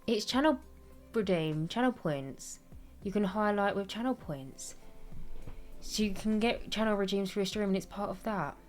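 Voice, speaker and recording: A woman's voice: mid-range voice, lively intonation, normal speed, soft background music. A young woman streaming, chatting casually and reading chat, rambling and laughing at herself. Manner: chatty, rambling, self-deprecating, laughs often. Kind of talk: casual chat while gaming, reading chat aloud.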